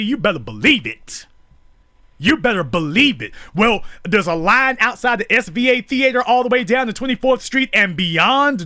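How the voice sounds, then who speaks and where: A fiery monologue comes from a man whose voice is high and bright, streamed live. He drives each point home in preachy, repetitive build-ups, his pitch swinging widely. The audio is close and dry, without any room sound.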